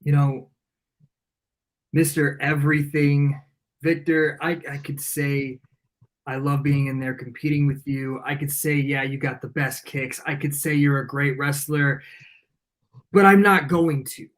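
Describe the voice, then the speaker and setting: A high-pitched man trash-talks his rival in a wrestling promo, smug and taunting. He drops into low, menacing tones to twist the knife. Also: fairly even intonation, a little slow. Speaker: wrestling champion cutting a promo.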